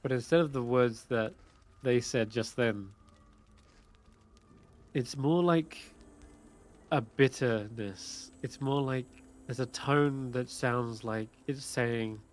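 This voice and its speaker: A man narrating a tabletop role-playing game as game master, descriptive and measured, with small hesitations. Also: medium pitch.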